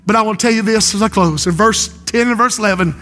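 A man with a South Carolina Lowcountry accent preaching a passionate sermon to a congregation, building to shouted refrains. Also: fast, soft background music. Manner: impassioned, rising to shouted refrains. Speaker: pastor. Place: large church sanctuary. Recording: long reverb of a church hall.

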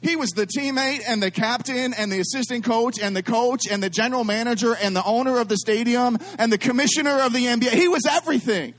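A middle-aged man preaches a sermon in a notably high voice. He speaks in an animated, repetitive way and keeps calling on the congregation to say lines back with him. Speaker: pastor.

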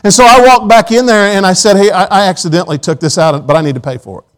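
High-voiced man preaching a folksy sermon. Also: fast talker, rough recording. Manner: folksy storytelling with quoted asides. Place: church auditorium.

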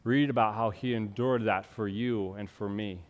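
A man preaching a sermon as pastor, building to loud, impassioned peaks and dropping to soft, slow passages. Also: on the low side, fairly even intonation, long reverb tail. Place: church.

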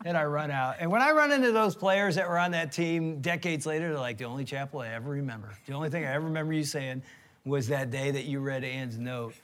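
Middle-aged male co-host, animated storyteller, slightly high voice. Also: fast talker. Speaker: co-host, former team chaplain. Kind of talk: storytelling marriage talk.

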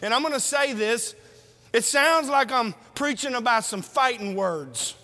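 A man's voice: very high voice, animated, a little slow, pushed and bright. A man preaching a sermon, exhorting his congregation with rhetorical questions. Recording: long hall reverb.

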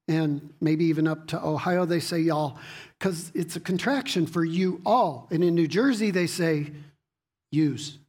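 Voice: medium pitch, a little mellow. A preacher giving a sermon to a congregation, reading scripture and asking rhetorical questions. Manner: teaching, rhetorical questions, repeats words; reads scripture aloud to a congregation.

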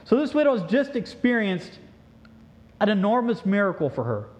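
High-voiced animated male preacher. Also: normal speed. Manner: animated, joking, storytelling. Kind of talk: sermon. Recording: dull lo-fi recording.

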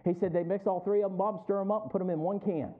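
A male pastor preaches a sermon in a high, steady voice at a quick pace, heard through tinny, phone-like sound. His emphasis builds as he calls out to the congregation for responses.

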